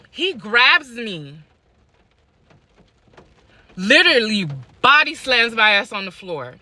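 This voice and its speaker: A young adult woman telling a personal story on her vlog, animated, repeating lines for emphasis and laughing between them. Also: on the high side, slow pace, long pauses, no room sound.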